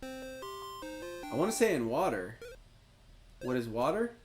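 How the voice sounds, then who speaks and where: A man's voice: mid-range voice, takes it slowly, over music. A man hosting a live stream, cheering and chatting to viewers as he plays a retro quiz game. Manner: excitable, cheers and chats to viewers. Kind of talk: live gameplay commentary.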